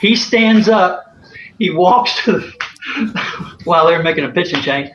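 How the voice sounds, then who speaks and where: A man's voice: high-pitched, animated, a little slow, pauses often, a bit bright. Chuckling man telling old stories. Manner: rambling, filler-heavy, chuckling anecdotes. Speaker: former college athlete guest. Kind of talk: casual storytelling interview. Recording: roomy, slightly dull, faint hiss.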